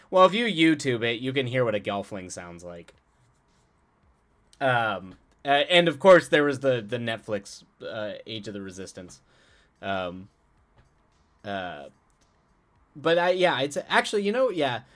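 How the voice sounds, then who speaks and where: Sex: man. Role: live streamer. Style: casual chat, playful with viewers, halting with many restarts. Pitch: average. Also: sing-song, a bit bright. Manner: rambling, halting, with frequent restarts and chuckles; answers chat directly, playful. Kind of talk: casual stream chat and reading a story aloud.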